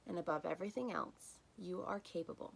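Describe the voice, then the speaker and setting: A woman hosting a solo self-help podcast, talking in an earnest, encouraging way and softening to near-whispers on key phrases. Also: fairly low pitch, brisk, vocal fry, a little hiss or hum. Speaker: podcast host.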